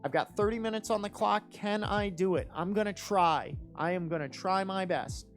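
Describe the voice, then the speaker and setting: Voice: mid-range voice, moderate pace, faint music behind. A judge talking through written rap verses live, enthusiastic and rambling, with lots of fillers and restarts. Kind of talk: live commentary and critique.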